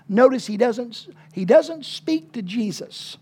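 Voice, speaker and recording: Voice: mid-range voice, lively intonation, takes it slowly, dark tone, breathy edge. A pastor of a small church giving an informal sermon, conversational and emphatic, with many fillers and asides.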